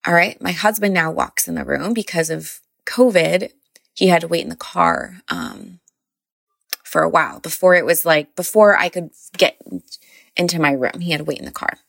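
A woman's voice: fairly low pitch, animated, normal speed, gravelly, a bit bright, dry recording, studio quality. A mother casually recounting a birth story, rambling and filling her speech with "like". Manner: rambling, heavy use of "like".

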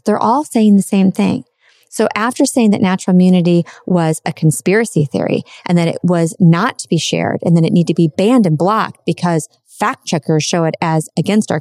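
A woman delivers a heated monologue straight to her audience, emphatic and indignant, cursing now and then. Her voice is mellow and warm, and it sits in a dry space with no echo. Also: mid-range voice. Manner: emphatic, indignant, swears freely. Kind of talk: casual opinion rant to camera.

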